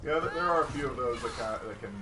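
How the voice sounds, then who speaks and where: A man's voice: mid-range voice, lively intonation, racing, recorded from a distance. A young man on a casual gaming stream who reads out chat questions and answers them in a joking, trivia-minded way.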